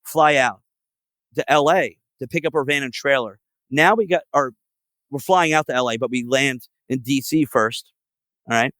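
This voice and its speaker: A man's voice: medium pitch, normal speed, fairly bright tone, no echo, low-quality recording. A man, a guest musician telling road stories in a casual podcast chat, profane and full of filler words. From Philadelphia area.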